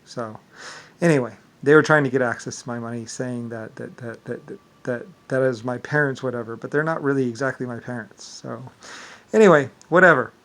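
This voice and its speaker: A man's voice: medium pitch, a little fast, a bit bright. Man rambling, stumbling, swearing. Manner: repetitive, stumbling, filler-heavy; profane and indignant. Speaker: vlogger. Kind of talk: rambling monologue.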